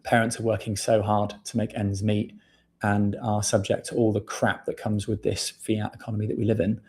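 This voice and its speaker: A man's voice: lowish voice, level tone, normal speed, a little mellow. A man hosting a casual livestream, chatting loosely and calling viewers mate. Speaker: livestream host. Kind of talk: casual livestream chat reading viewer questions.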